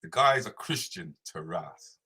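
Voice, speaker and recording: A man's voice: low-pitched, normal speed, breathy edge. A man hosting a live stream as a comedian, chatting loosely and greeting viewers by name. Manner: animated, loose, slangy, talks straight to viewers by name.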